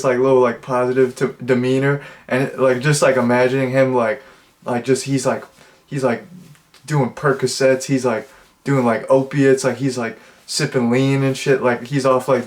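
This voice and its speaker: A man giving a casual, rambling movie review, amused and full of filler words. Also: medium pitch. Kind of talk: casual unscripted monologue.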